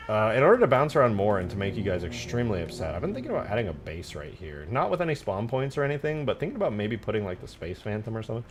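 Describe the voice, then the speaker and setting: Lively low-voiced young man streaming. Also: very fast, few pauses, a crowd in the background. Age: 20s. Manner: rambling, profane storytelling with slang. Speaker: modding live-streamer. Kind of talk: casual live-stream chat.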